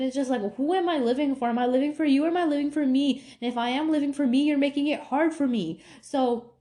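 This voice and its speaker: Young woman telling her story, kinda high mellow voice, rambly with lots of like and you know. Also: fast talker, few pauses. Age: young adult. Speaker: vlogger. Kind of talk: casual personal storytelling.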